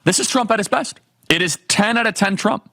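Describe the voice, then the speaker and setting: A man hosting a political talk show, giving an emphatic, animated monologue full of rhetorical questions. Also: sits high, a little fast, no echo. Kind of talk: fiery political commentary monologue.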